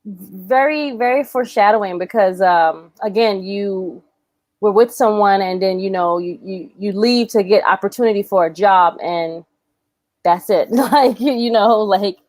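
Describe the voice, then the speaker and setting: Animated woman co-hosting a wrestling review. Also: mid-range voice, a little slow, no echo. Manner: animated, laughs often, lots of "like". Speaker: wrestling show co-host. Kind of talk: casual review chat.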